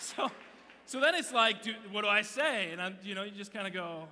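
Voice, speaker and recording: Guy in his 30s doing a funny youth sermon, high bright voice, big echoey church hall. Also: fairly quick. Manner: animated, joking, self-interrupting storyteller. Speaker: youth pastor. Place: large church auditorium stage. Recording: long hall reverb.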